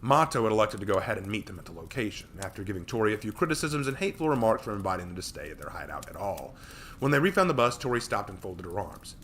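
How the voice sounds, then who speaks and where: A man streaming a reading of his own story, narrating with lively delivery and the odd slip. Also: fairly low pitch, fast talker, a little hiss or hum. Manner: lively reading, some slips and restarts.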